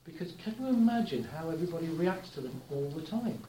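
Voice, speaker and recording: A man giving a relaxed, chatty talk to a live audience, telling anecdotes with gentle humour. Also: fairly high pitch, fast, roomy sound, slight background noise, rough recording. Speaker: workshop speaker.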